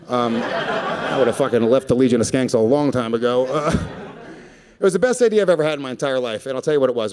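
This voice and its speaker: A man doing a stand-up comedy set, brash and profane with a deadpan edge. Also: medium pitch, noisy background. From Puerto Rico. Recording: live club set with a laughing crowd. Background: audience laughter.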